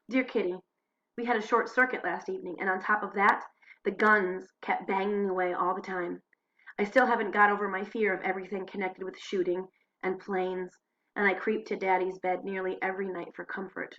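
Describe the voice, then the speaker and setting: Expressive woman reading a diary aloud. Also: mid-range voice, dull audio. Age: adult. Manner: expressive, slows and hushes for drama. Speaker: diary reader. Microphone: computer mic.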